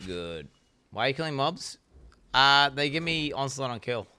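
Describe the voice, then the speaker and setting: A man streaming a video game, chatting casually with his viewers in an excitable, profane way. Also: mid-range voice, normal speed, slight background noise. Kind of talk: casual gaming commentary.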